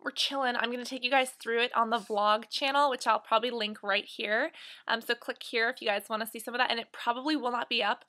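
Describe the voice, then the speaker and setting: A 19-year-old American beauty vlogger chats to the camera at home near the kitchen, her voice on the high side, pushed and bright. Her talk rambles along, packed with fillers.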